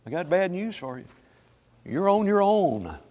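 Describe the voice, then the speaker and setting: A man preaching a sermon to a congregation, swinging between hushed lines and loud, drawn-out emphasis. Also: sits high, very animated. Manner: dramatic swings from soft to loud, slow emphatic phrasing. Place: church sanctuary. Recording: long hall reverb.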